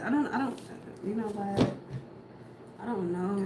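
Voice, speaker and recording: Measured in pace and prone to long pauses, a medium-pitched woman works through a casual tarot reading. She thinks out loud and speaks frankly, dropping casual swear words. The recording has room echo and noticeable background noise.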